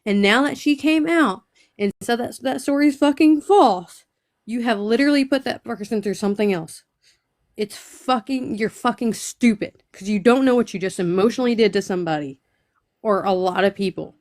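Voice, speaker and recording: A woman's voice: a little high, normal speed, a little mellow, no echo, studio quality. A woman co-hosting a livestream who speaks bluntly and indignantly, with heavy profanity. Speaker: livestream co-host. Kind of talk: angry livestream chat.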